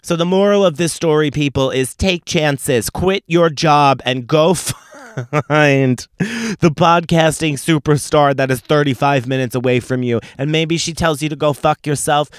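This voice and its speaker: A man's voice: on the high side, normal speed, hardly any pauses, smooth, no echo, studio quality. A young man hosting a podcast, telling a brash, foul-mouthed comic story with laughter mixed in. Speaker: podcast host. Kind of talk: profane comedic monologue.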